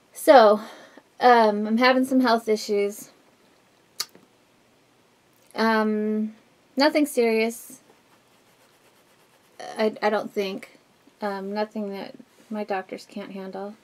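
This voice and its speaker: A woman vlogger with a husky, smoky voice, chatting candidly at home while doing her makeup, rambling with many fillers and restarts. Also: mid-range voice. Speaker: beauty vlogger. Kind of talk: casual get-ready-with-me chat.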